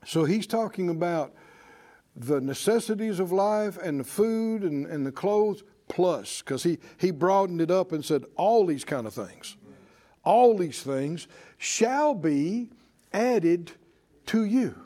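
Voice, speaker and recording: High voiced preacher guy, lively, gets the church to answer him back. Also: takes it slowly. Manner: animated, mimics worried voices, asks congregation to respond. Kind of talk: sermon.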